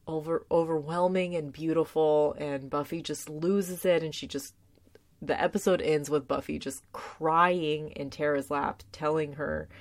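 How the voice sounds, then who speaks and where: Young woman, low voice, casual earnest commentary, emotional, filler-heavy. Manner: emotional and earnest, close to tears; heavy use of filler words like "like". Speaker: tv show commentator.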